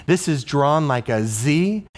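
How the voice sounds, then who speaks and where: A man's voice: a little high, expressive, slow. A male elementary music teacher explaining a singing game to other teachers, asking the viewer questions and chanting rhythm syllables. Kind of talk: instructional video for music teachers.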